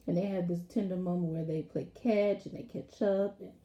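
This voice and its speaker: A woman casually recapping a TV episode in a rambling, animated way, acting out lines from it as she goes. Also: fairly low pitch, normal speed, dull audio. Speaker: TV episode reviewer. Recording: roomy echo.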